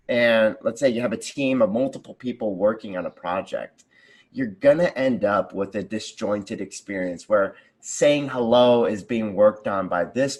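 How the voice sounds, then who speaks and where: A man, a conversation designer, answering interview questions eagerly over a video call, with frequent ums and likes. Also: on the low side. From United States. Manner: earnest, enthusiastic, many ums and likes.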